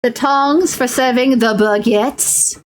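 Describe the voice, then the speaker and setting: A woman's voice: high voice, slow pace. A young woman streaming as she builds miniatures, chatting playfully and making silly sing-song noises. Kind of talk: casual chat while crafting miniatures.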